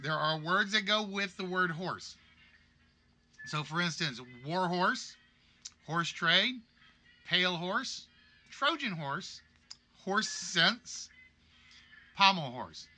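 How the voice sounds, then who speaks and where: A man's voice: sits high, expressive, slow pace, long pauses, sharp tone. A man hosting a live-streamed game show, chatty and joking as he reads out players' guesses.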